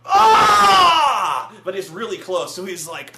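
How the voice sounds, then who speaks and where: A man reviewing a film in casual chat at a friend's house, animated and profane, stammering through restarts. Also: on the high side, moderate pace. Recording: echoey room with faint hum.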